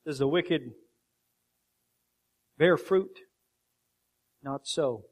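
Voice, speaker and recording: A man's voice: a little high, moderate pace, long pauses. A man preaching a sermon with emphatic rhetorical questions.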